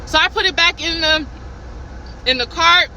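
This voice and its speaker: A woman speaks into her phone camera from a car, retelling a clash at work. She is animated and heated, stumbles over her words, and keeps starting again. Her voice is high and crisp, with faint traffic behind it. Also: moderate pace, low-quality recording. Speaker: vlogger telling a work story. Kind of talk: casual storytime.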